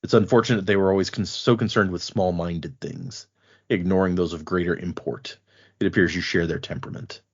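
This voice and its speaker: A man voicing a stern male enforcer of the law, going low and solemn with measured delivery. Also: fairly even intonation, breathy edge, highs cut off.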